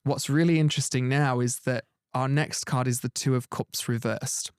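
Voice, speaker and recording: A man's voice: mid-range voice, fairly even intonation, moderate pace, clear, resonant tone, no room sound, clean studio sound. Rambling male tarot reader. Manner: rambling, many "like" fillers and restarts; earnest and reassuring. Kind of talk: tarot reading conversation.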